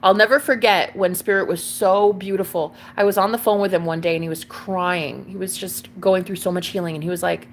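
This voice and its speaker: A woman's voice: lowish voice, steady tone, brisk, hardly any pauses, a little hiss or hum. A young woman talking to camera in a casual, confessional way, gushing and chatty, calling her listener girl and babe. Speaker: tarot reader and vlogger.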